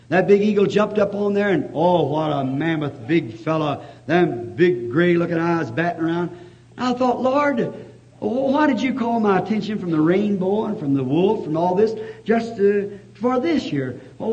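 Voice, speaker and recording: A high-pitched, excitable male preacher delivers a fervent revival sermon, moving from hushed storytelling to shouted praise. The vintage recording sounds muffled, like dull lo-fi archival tape.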